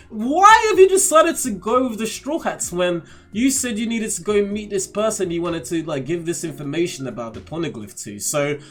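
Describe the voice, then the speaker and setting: A man reviewing a manga chapter in casual, slangy commentary, joking and laughing as he talks. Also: high voice. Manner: animated, laughing, slangy and playful.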